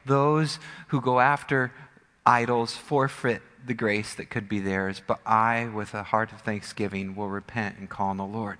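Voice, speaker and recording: A man voicing a remorseful prophet, speaking low, hushed and reflective. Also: fairly even intonation, unhurried. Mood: brooding. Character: remorseful male prophet, brooding inwardly. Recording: long church hall reverb.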